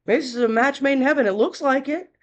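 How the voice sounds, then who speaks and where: A female tarot reader gives a casual reading, speaking bluntly and chattily while scolding and cursing freely. Her voice sits high and she talks quickly.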